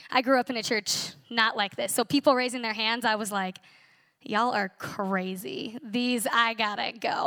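A woman's voice: high voice, bright, forceful tone, dry recording, studio quality. A young woman in her twenties sharing an earnest, emotional personal testimony at a church conference, telling her story with animation.

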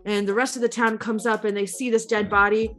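A woman's voice: a little high, level tone, fairly quick, fairly bright tone. A woman retelling a movie plot in casual chat, rambling with lots of likes and uhs, and gushing about it.

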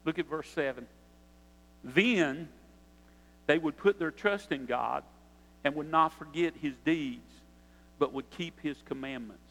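A pastor preaching a sermon, talking earnestly and conversationally and putting direct questions to the congregation. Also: male voice, a little high, slow pace, pauses often, fairly bright tone, long reverb tail, low-quality recording.

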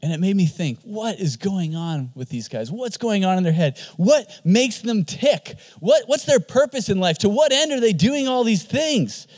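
A man who is a pastor, preaching an animated sermon and often repeating words for emphasis. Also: high voice, moderate pace, few pauses.

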